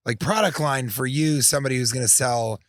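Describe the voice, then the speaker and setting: An American man in his forties chatting as a podcast guest, rambling through stories with animated impressions. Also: mid-range voice, brisk, no echo, studio quality. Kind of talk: casual chat.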